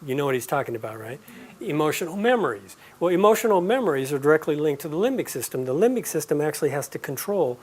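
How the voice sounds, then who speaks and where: A man teaching a live class, explaining and telling stories in a relaxed, conversational way. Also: a little high, fast. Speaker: aromatherapy teacher.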